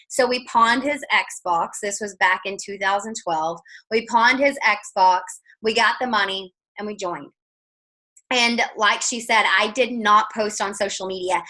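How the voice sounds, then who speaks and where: Bright-voiced chatty woman. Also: fairly high pitch, normal speed, rough recording. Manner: chatty, animated storytelling with quoted dialogue. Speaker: guest speaker. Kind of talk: casual storytelling on a video call. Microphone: video call.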